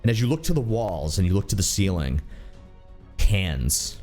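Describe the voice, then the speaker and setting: A man running a tabletop game as dungeon master, narrating scenes in a playful, lively storytelling manner. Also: sits low, normal speed, soft background music.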